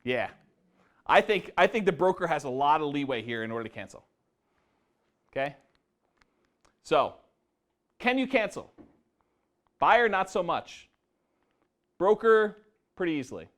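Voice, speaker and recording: A man's voice: a little high, sing-song, unhurried, pauses often, fairly bright tone. A man presenting a live seminar on real estate investing to an audience, often quizzing them with questions. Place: meeting room before a live audience.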